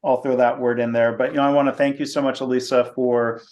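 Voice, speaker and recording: A man hosting a podcast who wraps up an interview in a measured, appreciative way, with frequent fillers. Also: medium pitch, little pitch movement, darkish tone. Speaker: podcast host. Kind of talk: interview wrap-up.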